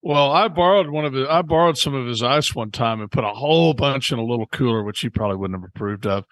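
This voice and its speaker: A man's voice: mid-range voice, fast, fairly bright tone, no echo. Easygoing man explaining things. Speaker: podcast co-host. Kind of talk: casual chat.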